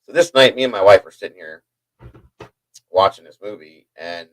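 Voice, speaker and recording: Speaking at a moderate pace with lively intonation, this fairly low-voiced man streams live from his home. The recording is dry and the audio poor, and he rambles through a hyper story full of casual asides to the people watching.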